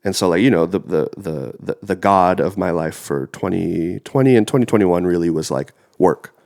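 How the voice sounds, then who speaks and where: A man's voice: sits low, normal speed, vocal fry, darkish tone. A young man in his twenties with a cold that leaves him congested, chatting casually and rambling as a podcast co-host. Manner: rambling, filler-heavy. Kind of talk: casual chat.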